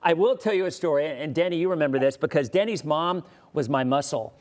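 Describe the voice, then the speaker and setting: A man's voice: on the high side, fairly quick, darkish tone. A man with an American accent hosting a casual interview show, a weather presenter who rambles, restarts and tells stories with chuckles.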